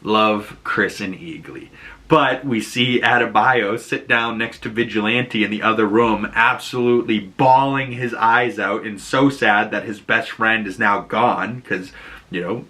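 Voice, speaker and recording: A man's voice: fairly low pitch, steady tone, unhurried, bright, forceful tone. A man with a Boston accent casually retelling and reviewing a TV episode, chatty and full of fillers, acting out quoted lines. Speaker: show reviewer.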